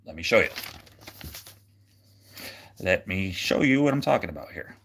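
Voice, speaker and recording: A man's voice: deep voice, animated, moderate pace, creaky, a bit bright. A man hosting a casual livestream, rambling with lots of fillers and restarts and a jokey, goofy manner. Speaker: livestream host.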